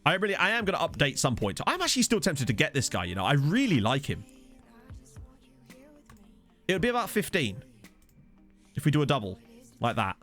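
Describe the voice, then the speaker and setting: A man with a fairly high, bright voice streams a football management game, his pitch swooping wildly as he talks briskly with frequent pauses. He jokes and answers viewers' chat over a desk USB condenser mic, with soft music in the background.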